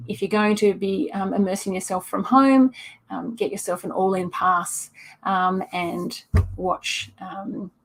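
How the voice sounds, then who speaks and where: A woman's voice: mid-range voice, vocal fry. A woman, a festival director hosting a live-streamed preview and answering chat questions off the cuff, hesitant with many ums.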